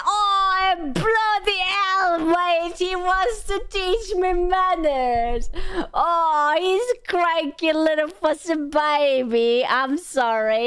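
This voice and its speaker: Brief: mock-outraged slangy scold, high and slow, a woman playing it up. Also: fairly bright tone, exaggerated voice. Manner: drawn-out indignant exclaiming.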